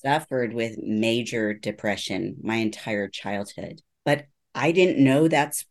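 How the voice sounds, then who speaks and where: A woman's voice: a bass voice, takes it slowly. A middle-aged woman, a neuropsychologist, telling her story as an interview guest in an earnest storytelling manner. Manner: earnest storytelling, acts out quoted dialogue. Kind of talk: personal testimony in interview.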